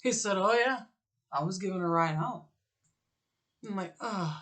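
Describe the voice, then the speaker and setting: A woman's voice: medium pitch, lively intonation, moderate pace, a bit bright, rough recording. A woman co-hosting a talk show, telling a story in a casual chat and acting out both sides of it, swearing freely. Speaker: co-host.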